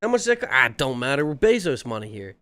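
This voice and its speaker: A man's voice: medium pitch, big pitch swings, quick pace, a bit bright, smooth. A man co-hosting a podcast, talking in a laid-back, joking and profane way. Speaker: podcast co-host. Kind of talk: casual chat.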